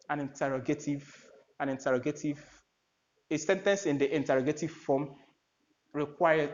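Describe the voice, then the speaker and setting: A man giving an English grammar lesson, explaining point by point and restating each idea several times. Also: fairly high pitch. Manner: explains by repeating and rephrasing, reads out example sentences. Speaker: English teacher. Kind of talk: classroom lecture. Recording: dull lo-fi sound.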